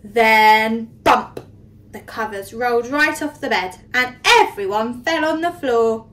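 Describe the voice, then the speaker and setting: Expressive high-voiced woman teacher. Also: slow pace, recorded from a distance, low-quality recording. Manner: expressive, questioning the children. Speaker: nursery teacher. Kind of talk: storybook read-aloud for young children.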